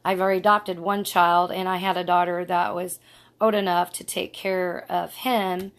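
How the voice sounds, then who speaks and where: A woman's voice: on the low side, little pitch movement, normal speed. A middle-aged woman vlogging casually, telling a personal story in an earnest, rambling way.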